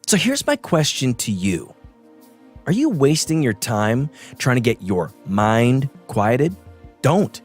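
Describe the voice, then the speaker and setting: A man's voice: medium pitch, a little slow, breathy edge, soft background music. Boastful man with a wildly swinging voice. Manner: self-absorbed, boastful, rising to excited outbursts. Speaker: podcast host. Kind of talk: comedic monologue.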